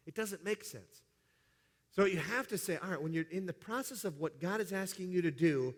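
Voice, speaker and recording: A man's voice: high voice, fairly bright tone, big-room sound. A middle-aged man preaching a sermon as a pastor, conversational and joking, with frequent asides. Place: church sanctuary.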